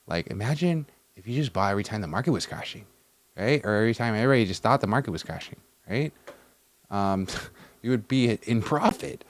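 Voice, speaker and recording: Animated low-voiced man talking crypto. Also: a little fast, dry recording. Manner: animated, addresses viewers as guys, swings loud and soft. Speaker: crypto YouTuber. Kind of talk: casual market commentary.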